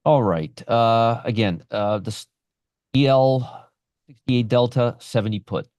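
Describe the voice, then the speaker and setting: A man's voice: mid-range voice, takes it slowly, a little mellow, no room sound. A man hosting a live stream on options trading, brash and sarcastic, answering viewers from the chat by name.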